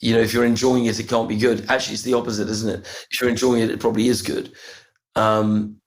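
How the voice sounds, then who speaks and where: A middle-aged man with a lowish voice tells a personal story in an earnest, halting way. He often circles back with repeated words and restarts as he gathers his thoughts. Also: flat delivery. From United Kingdom. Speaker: podcast guest. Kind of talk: reflective storytelling interview.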